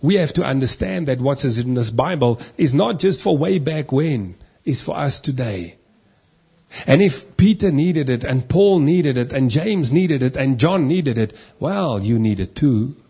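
A man's voice: mid-range voice, mellow, slightly rough. A male pastor preaching with an emphatic, repetitive cadence. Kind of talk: sermon.

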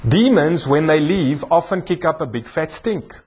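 A man's voice: fairly high pitch, lively intonation, normal speed, a little mellow, husky. A man pastor with a South African accent, preaching a sermon in a church and joking with a volunteer. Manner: jokey, teasing with a volunteer, preaching with rising emphasis. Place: church hall.

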